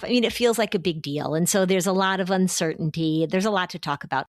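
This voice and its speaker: A middle-aged woman hosting a podcast, talking in an expressive, encouraging way and explaining with everyday examples. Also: lowish voice, fast, hardly any pauses, no room sound, studio quality. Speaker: podcast host and anxiety therapist. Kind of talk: casual podcast chat.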